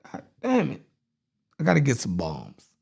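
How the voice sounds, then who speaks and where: Woman, podcast host, slow deliberate pace, swearing asides. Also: rumbling low, vocal fry, husky. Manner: profane, animated, laughing asides. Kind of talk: live commentary and reading a speech aloud.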